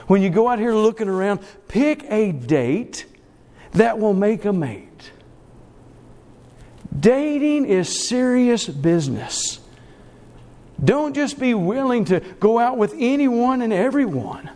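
A man preaching a sermon with emphasis, speeding through some phrases and slowing hard on key words. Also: high voice, lively intonation, warm tone. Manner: emphatic, swings between fast runs and slow stressed words. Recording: long reverb of a church hall.

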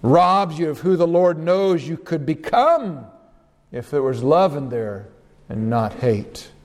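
Male pastor, high voice, emphatic verse-by-verse preaching, long hall reverb. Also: expressive, slow. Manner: reads scripture verses aloud and explains them, emphatic. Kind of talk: expository sermon.

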